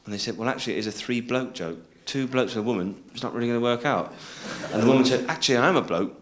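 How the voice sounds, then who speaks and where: A man's voice: medium pitch, very fast. Man telling a rambling stand-up joke. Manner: rambling storytelling, acting out the characters in raised voices. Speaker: stand-up comedian. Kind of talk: stand-up routine. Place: large theatre stage. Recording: echoey live theatre recording with noise.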